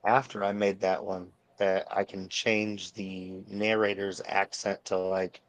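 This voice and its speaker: Laid-back low-voiced man hosting. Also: little pitch movement, unhurried, no room sound. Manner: laid-back, hesitant, fillers. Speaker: podcast host. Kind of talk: casual chat.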